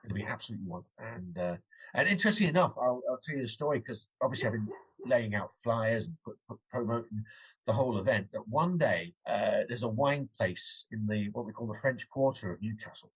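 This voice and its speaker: A husky English man talking fast in a relaxed interview, rambling from one point to the next. His voice has a slightly rough, breathy edge, and he often restarts his sentences with chatty fillers. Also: on the low side, low-quality recording. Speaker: author and guest. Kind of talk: casual interview chat.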